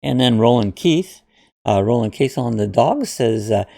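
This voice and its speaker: A man's voice: mid-range voice, animated, unhurried, creaky, mellow. A man from Ohio hosting his channel, casually chatting through viewer comments with lots of uhs and restarts. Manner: rambling, friendly, with frequent uhs and restarts. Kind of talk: casual chat.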